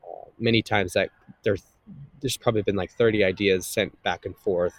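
A man's voice: fairly low pitch, fairly even intonation, normal speed, no echo. A man, a guest and content creator, chatting casually in an interview with a slightly nasal voice, rambling with many fillers and restarts.

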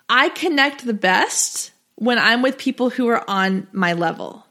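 A woman in her thirties talks straight to her listeners in a solo podcast episode. Her voice sits a little high, and her delivery is direct, chatty and encouraging, with quick lively asides. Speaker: podcast host and business coach for photographers. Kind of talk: solo podcast coaching talk.

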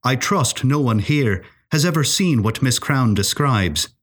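A man's voice: medium pitch, animated, a little slow. A man voicing a genial, wry male Irish professor with a sing-song Ulster accent. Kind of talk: storytelling acting.

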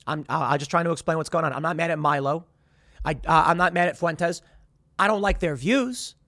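A man's voice: a little high, brisk, bright, forceful tone, dry recording, studio quality. A man hosting his own commentary show, talking casually in a rambling way with many restarts. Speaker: podcast host.

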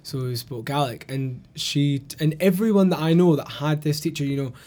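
A man with a softened Glasgow Scottish accent, co-hosting a casual podcast chat and telling lively stories with plenty of swearing. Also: a little high, moderate pace. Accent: Glasgow Scottish, mellowed. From Scotland, Glasgow. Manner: animated storyteller, swears freely, laughs often. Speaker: podcast co-host.

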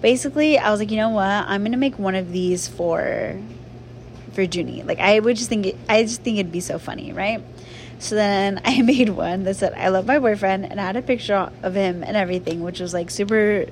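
A young vlogger with a medium-pitched voice talks briskly to her viewers, casually retelling a personal story. She's chatty and animated, with plenty of fillers, and there's slight background noise.

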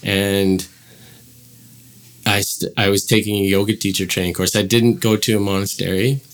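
A man's voice: on the low side, flat delivery, moderate pace. A man casually telling a personal story as a guest, rambling with many fillers and acting out quoted dialogue.

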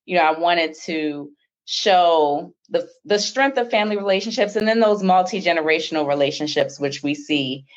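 A woman's voice: lowish voice, lively intonation, moderate pace. A woman author answering interview questions about her children's book in an earnest, thoughtful way. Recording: dull lo-fi line.

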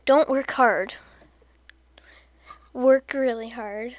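A woman hosts a casual podcast in a slightly high, unhurried voice, dryly recorded close to the mic. She mocks what she reads with sarcastic asides, frequent laughs and soft muttered comments. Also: steady tone, dry recording, highs cut off. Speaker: podcast host.

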